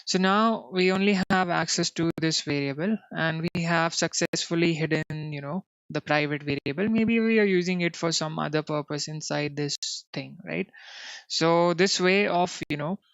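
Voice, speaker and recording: A man's voice: on the high side, moderate pace, vocal fry, a bit bright, smooth, no room sound, lo-fi sound. A man with an Indian English accent teaching a live coding lesson. He fills his talk with "you know" and keeps checking in with his viewers. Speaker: coding instructor.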